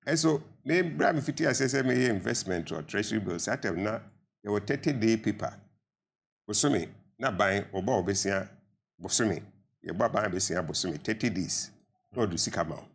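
A man's voice: lowish voice, lively intonation, moderate pace, vocal fry, slightly rough. An older man with a Ghanaian accent, a pensioner guest in a studio panel debate, arguing earnestly and rising to emphatic appeals.

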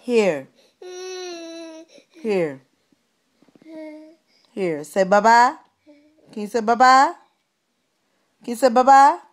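A woman's voice: a little high, expressive, drawn-out words, long pauses. A woman filming her baby at home, coaxing her in sing-song baby talk.

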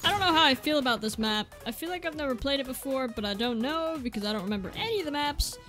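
High-pitched woman, excitable gameplay commentator, over loud game music. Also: quick pace. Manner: excitable, exclaiming and talking to enemies. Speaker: gaming video creator. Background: game gunfire and music.

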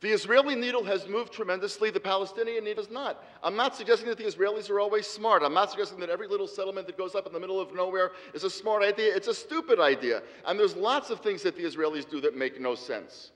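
A man's voice: high-pitched, quick pace, few pauses, a bit bright. Emphatic middle-aged man debating in hall. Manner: emphatic, rhetorical repetition. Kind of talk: formal debate speech. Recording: hall reverb.

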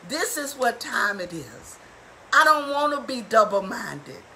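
A woman's voice: fairly high pitch, sing-song, a little slow, gravelly, slight background noise, rough recording. A woman preaching at a Bible study, fervent and calling out to the congregation with rising exhortations. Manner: fervent call-and-response preaching, rising to shouts. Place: church or home, streamed live.

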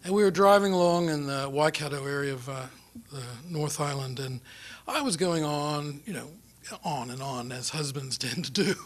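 A man's voice: fairly high pitch, moderate pace. A middle-aged man from New Zealand with a New Zealand accent, giving an after-dinner foreign policy talk as a guest speaker, rambling and self-deprecating as he tells anecdotes. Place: lecture room or dinner venue.

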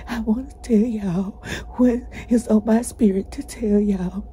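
A woman telling her own ordeal, short of breath, halting and distressed, moving between hushed whispers and tearful outbursts. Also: medium pitch, steady tone, a little hiss or hum. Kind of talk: emotional personal testimony.

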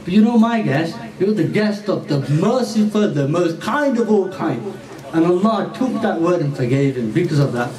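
Playful preacher in an echoey hall. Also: male voice, sits high, lively intonation, moderate pace, darkish tone, far from the mic. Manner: playful, teasing the audience; mixes in Urdu and Arabic words. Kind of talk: storytelling sermon. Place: mosque hall.

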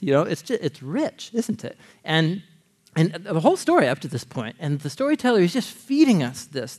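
A man's voice: high-pitched, slightly rough. A man teaching a sermon on scripture in a jokey, conversational way, talking straight to his listeners and chuckling often. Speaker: Bible teacher.

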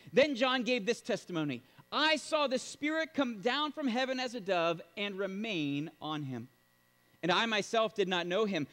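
Animated high-voiced male pastor preaching. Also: big-room sound. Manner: emphatic, animated preaching with sudden loud bursts. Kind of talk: sermon.

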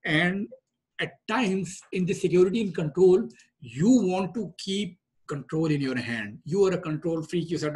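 Husky man giving a casual lecture. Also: fairly high pitch, unhurried, a little mellow. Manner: conversational, repeats himself, many fillers. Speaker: trainer. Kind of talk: lecture on group dynamics.

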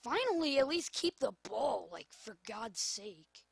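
Exasperated woman yelling at her football game, husky-ish high voice, dry close sound. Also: sing-song, a little slow, dry recording. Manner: exasperated, scolding the players on screen. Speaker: gamer. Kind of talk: gameplay commentary.

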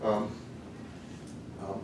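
A man giving an academic lecture, thoughtful and hesitant, often pausing with "um" as he works through his ideas. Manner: thoughtful, hesitant with frequent ums. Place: lecture room. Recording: echoey room from a distance with faint noise.

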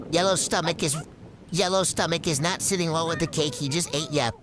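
A woman hosting a reaction video, talking along to animations in excited, exclaiming commentary. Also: low-pitched, a little fast, background noise. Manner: excitable, exclaims and laughs often.

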